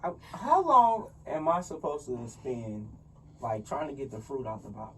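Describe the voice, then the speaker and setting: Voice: mid-range voice, animated, normal speed, a bit bright, distant mic, slight background noise, poor audio. A podcast co-host in easygoing, joking casual chat. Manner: laid-back, joking.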